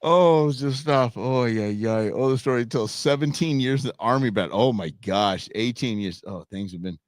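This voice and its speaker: A man's voice: mid-range voice, normal speed, no echo, studio quality. A man hosting a live show, chatting casually with viewers and laughing often as he reacts to their comments. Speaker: livestream show host.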